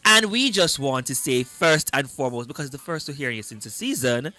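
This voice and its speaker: A young man hosting a youth radio show, energetic and upbeat, greeting listeners. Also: medium pitch, moderate pace, soft background music. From Jamaica. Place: radio studio.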